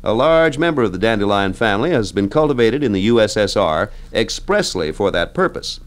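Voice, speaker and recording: A man's voice: lowish voice, very animated, brisk. Breezy man hosting a radio trivia spot. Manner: breezy, folksy, chatty delivery with asides. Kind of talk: scripted radio trivia segment. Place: radio studio.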